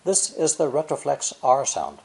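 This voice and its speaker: A man in his sixties narrating a scripted language lesson in a measured, explanatory way, stressing syllables and tones. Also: mid-range voice, sing-song, vocal fry, a little mellow, breathy edge, low-quality recording. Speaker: language teacher.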